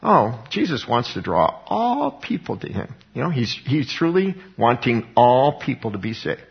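A man's voice: medium pitch, very animated, moderate pace, gravelly. A man teaching from the Bible in an informal sermon, his voice in a middle register. He talks to listeners conversationally, chuckles often and throws himself into acting out the quoted verses. The recording is dull and lo-fi.

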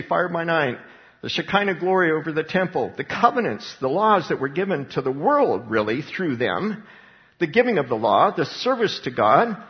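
Man preaching a sermon, slightly high voice, long hall reverb, dull muffled sound. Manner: animated preaching, reading scripture aloud with asides. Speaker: pastor.

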